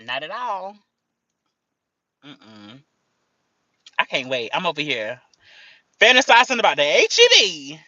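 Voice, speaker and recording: A woman's voice: on the low side, very animated, measured pace, pauses often, sharp tone, dry recording. A woman hosting a casual livestream, playful and slangy, laughing often as she chats to her viewers. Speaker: livestream host. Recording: dull lo-fi stream audio.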